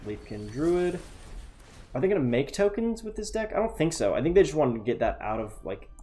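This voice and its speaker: A man giving relaxed, chatty play-by-play of a card game, thinking aloud and muttering asides to himself. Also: a little high, fairly quick. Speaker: gameplay commentator.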